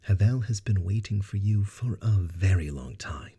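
Brief: man voicing a cheerful sci-fi doctor, high and lively, audiobook. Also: normal speed, breathy edge, full character voice. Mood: warm. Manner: gentle, warm, good-natured. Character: upbeat male doctor with a good-natured accent.

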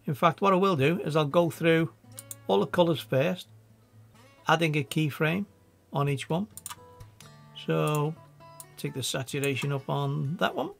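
A man with a Scouse accent giving a casual, chatty software tutorial, thinking aloud as he works. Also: on the high side, a little slow, gravelly, long pauses, soft background music. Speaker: video editing tutor.

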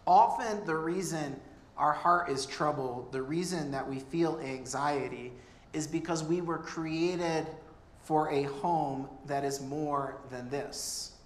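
Earnest, conversational pastor in an echoey room. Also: male voice, on the high side, slow. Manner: conversational, earnest, with humorous asides. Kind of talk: sermon. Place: church.

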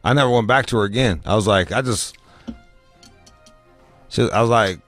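A man hosting a podcast, telling crude comic stories full of swearing and jumping into high squeaky voices to act out other people. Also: normal speed, no room sound, soft background music. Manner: profane, animated, mimics people in high voices. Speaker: podcast host. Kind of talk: crude comedic storytelling.

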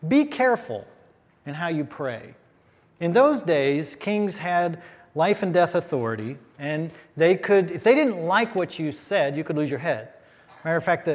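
An American man from a church, teaching a Bible lesson in a conversational, emphatic way with wry asides. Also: a little high. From United States. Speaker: pastor. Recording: long reverb of a hall.

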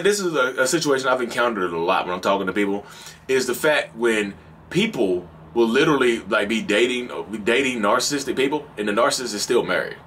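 A man's voice: medium pitch, fairly bright tone, a little hiss or hum. A man with a Southern accent hosting a solo podcast, talking casually and emphatically, often repeating and restarting his phrases. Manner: repetitive, emphatic, restarts sentences, acts out quoted lines. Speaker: podcast host.

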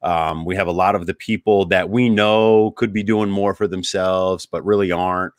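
A man's voice: low voice, steady tone, moderate pace, no echo, studio quality. A man hosting a podcast interview, casual and friendly, asking searching questions and calling his guest bro. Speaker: podcast host. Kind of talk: conversational interview.

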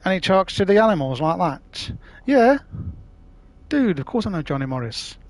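A London gaming livestreamer with a Cockney accent talks casually with his viewers, matey and swearing freely. His high voice swings widely in pitch at normal speed, with no echo.

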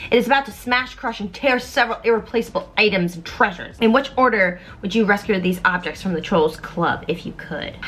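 A young woman vlogging casually through online quizzes, animated and excitable, thinking aloud as she goes. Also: mid-range voice, a little hiss or hum. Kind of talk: casual quiz vlog.

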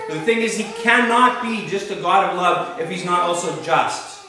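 A man with a Canadian accent preaches with emphatic force, pitched a bit high for a man. His points keep ending in a quick "right?" or "okay?". He sits back from the mic in a very echoey church with a faint hiss behind him. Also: distant mic. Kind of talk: sermon. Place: church hall.

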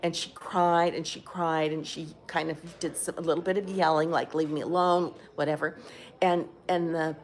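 Older woman, low-voiced, rambling candidly. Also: little pitch movement, moderate pace. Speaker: vlogger. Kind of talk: casual personal video diary. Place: rehab facility.

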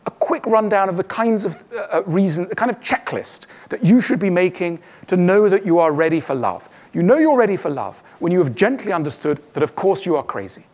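A man's voice: high-pitched, animated, a little fast, hardly any pauses, a little mellow. A man giving a witty stage talk to an audience, acting out the voices he quotes. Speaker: public speaker.

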